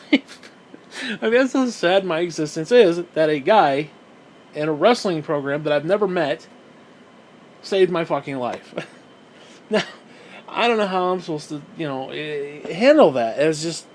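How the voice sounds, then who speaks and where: A man's voice: a little high, slight background noise. A man talking casually to camera in a vlog, rambling and self-deprecating, swearing often and restarting his sentences. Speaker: vlogger.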